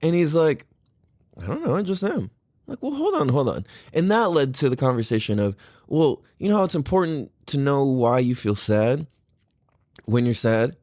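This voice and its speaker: A man in his thirties hosting a podcast, talking in an excitable, rambling way and swearing freely. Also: medium pitch, moderate pace, dry recording, clean studio sound. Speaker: podcast host. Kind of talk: casual solo podcast talk.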